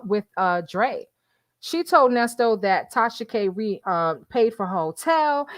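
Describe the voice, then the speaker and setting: A woman's voice: a little high, fairly bright tone, no room sound. A woman hosting a casual livestream who chats with her viewers, calls them y'all and laughs often. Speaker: livestream host reading the chat.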